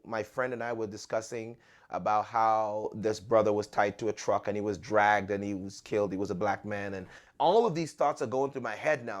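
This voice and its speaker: A man hosting a podcast, telling a personal story in an earnest, conversational way and often repeating words as he restarts. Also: mid-range voice. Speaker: podcast host.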